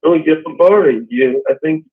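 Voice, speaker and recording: A man's voice: a little high, normal speed, husky. A man on a phone call, talking hesitantly with fillers and restarts. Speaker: scammer on the call. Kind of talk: phone conversation.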